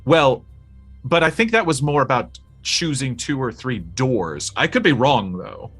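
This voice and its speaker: Dude playing d&d, chatty, voice bouncy, faint music behind. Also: male voice, mid-range voice, sing-song, a little slow, a bit bright, breathy edge. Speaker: player. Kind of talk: casual tabletop play.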